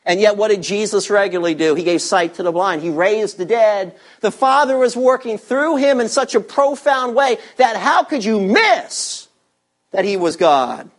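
A man's voice: high-pitched, animated, normal speed. A man preaching a sermon, teaching verse by verse and asking his listeners rhetorical questions with strong emphasis. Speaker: pastor.

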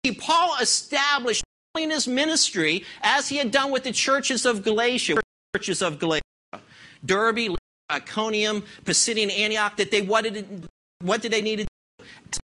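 Bright-voiced preacher firing rhetorical questions. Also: mid-range voice, normal speed. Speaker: pastor. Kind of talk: sermon.

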